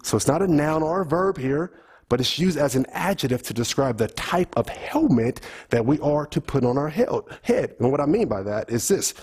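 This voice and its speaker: Husky-voiced man preaching a sermon. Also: on the high side, expressive, normal speed, a little mellow. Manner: teaching, asks the congregation questions. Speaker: pastor. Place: church.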